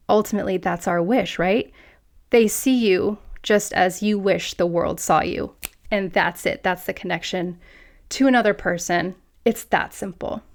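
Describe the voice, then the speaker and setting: A woman hosting a solo podcast, coaching listeners directly on confident speaking with lively, playful asides. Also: mid-range voice. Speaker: podcast host. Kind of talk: scripted solo podcast talk.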